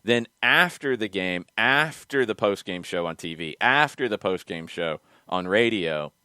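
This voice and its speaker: A man with a low, smooth voice hosts a casual soccer podcast. He rattles through promos and plans in a rambling, chatty way. His voice sounds close and dry on the mic. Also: lively intonation, pushed and bright, dry recording. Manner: fast, rambling promo talk. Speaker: podcast host.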